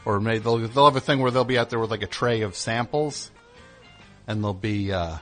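A man with a fairly low voice hosts a comedy talk show. He rambles along, loose and digressive, full of ums and uhs. He drops into brief mock voices as he goes. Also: normal speed, faint music behind. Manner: meandering, many fillers, mock voices for bits. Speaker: radio show host.

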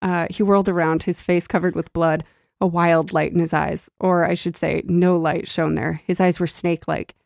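A woman's voice: lowish voice, moderate pace, vocal fry, no echo, studio quality. A young adult woman chatting casually about a novel and reading passages aloud. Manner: reads novel passages aloud, animated and laughing when chatting. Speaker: book club podcast co-host.

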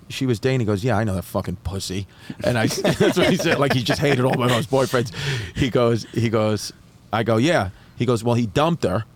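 A man from New York, a comedian guesting on a podcast, telling a story in a casual, profane way and acting out the other people in it. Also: medium pitch. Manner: animated, profane, acts out quotes in other voices.

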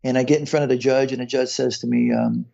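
A man's voice: medium pitch, level tone, fast, gravelly, warm tone, highs cut off. A man in his fifties, a podcast guest, earnestly telling his own story and often repeating words as he goes. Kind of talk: personal storytelling in conversation.

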